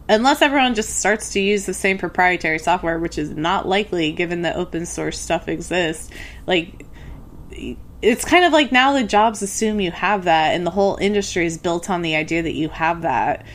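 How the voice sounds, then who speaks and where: A woman with a lowish voice co-hosts a podcast during casual late-night chat, speaking at a normal speed. She's talkative, uses lots of fillers, and laughs often.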